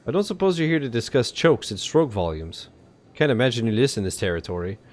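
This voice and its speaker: A man's voice: mid-range voice, lively intonation, fairly quick, lightly acted. Man doing a jovial French biker. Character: gruff middle-aged male biker shop owner, jovial.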